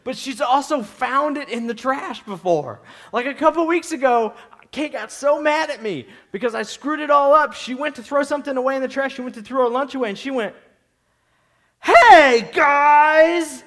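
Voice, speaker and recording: A man's voice: extremely high pitch, brisk, fairly bright tone. A young adult man, a pastor, giving a conversational sermon full of asides, restarts and rhetorical questions.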